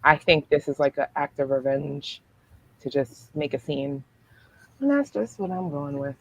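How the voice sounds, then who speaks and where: A woman with a very low voice chats as a panel guest, halting and full of fillers, often laughing between thoughts. Her voice is recorded dry and close, with no room around it. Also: husky, dry recording, poor audio. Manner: hesitant, lots of fillers, laughs. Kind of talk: casual panel chat.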